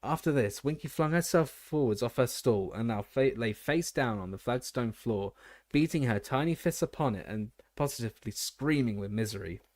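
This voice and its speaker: Steady male audiobook narrator, dry sound. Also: mid-range voice, normal speed, dry recording. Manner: steady reading with occasional slips and restarts. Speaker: audiobook reader.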